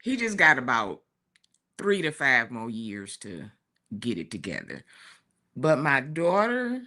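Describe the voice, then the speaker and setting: Woman talk show co-host, forties, slow chatty storyteller, bright voice. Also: a bass voice, huge pitch swings. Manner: chatty, warm storytelling with laughs and asides. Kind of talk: casual chat. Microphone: streaming studio mic.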